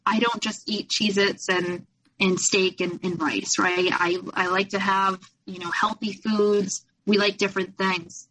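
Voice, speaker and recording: Bright-voiced woman recounting her past. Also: mid-range voice, unhurried, rough recording. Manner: candid, animated when quoting others. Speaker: podcast guest, abuse survivor. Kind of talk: personal storytelling in an interview.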